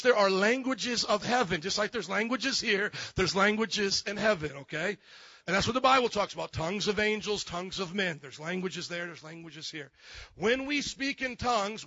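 Bright-voiced joking pastor preaching. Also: male voice, sits high, no room sound, lo-fi sound. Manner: animated and joking, acts out quotes. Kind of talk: lively sermon.

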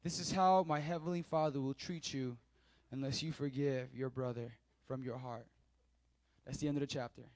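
A man's voice: mid-range voice, fairly even intonation, normal speed, a little mellow, no room sound. A male pastor preaching a sermon, reading scripture and explaining it to his congregation, repeating key points with emphasis.

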